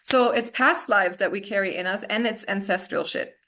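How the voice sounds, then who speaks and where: A woman's voice: mid-range voice, normal speed, sharp tone. A woman guest who works as a hypnotherapist and healer, talking confidently and emphatically in a casual podcast chat. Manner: confident, emphatic, laughs easily.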